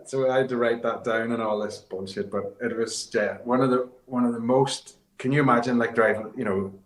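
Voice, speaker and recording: A man, a rally competitor, guest in a casual interview, telling lively rambling anecdotes. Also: medium pitch, brisk, echoey room, low-quality recording.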